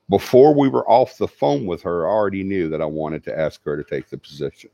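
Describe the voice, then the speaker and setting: A man, hosting a paranormal channel, gives a halting, heartfelt tribute full of fillers. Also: low voice, animated, vocal fry, dark tone, dry recording, dull audio. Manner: halting, sincere, many fillers. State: tearing up. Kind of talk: emotional livestream tribute.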